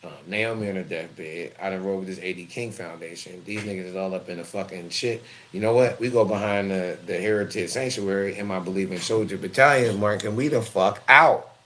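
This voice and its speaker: A man's voice: low voice, fairly quick, few pauses, a little hiss or hum. A middle-aged man, hosting a live show and telling a blunt, profane story full of slang. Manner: blunt, heavy swearing, animated, street slang.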